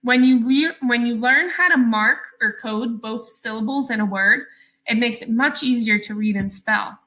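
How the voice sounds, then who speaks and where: A woman teacher leads a phonics lesson for young children in a bright, fairly high voice. She speaks slowly and clearly, pausing patiently so the students can follow along. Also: poor audio. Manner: slow, clear, patient instruction with pauses.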